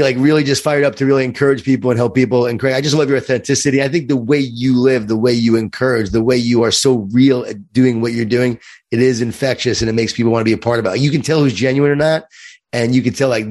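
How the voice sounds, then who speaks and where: A man's voice: medium pitch, darkish tone. A man from Long Island with a light New York accent, a guest in an interview who speaks in an earnest, upbeat way and repeats words while he thinks. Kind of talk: interview conversation.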